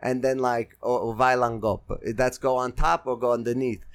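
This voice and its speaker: A man's voice: medium pitch, level tone, normal speed. A man, a filmmaker guest on a podcast, chatting in a laid-back way with lots of agreeing "yeah, yeah.". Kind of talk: casual chat.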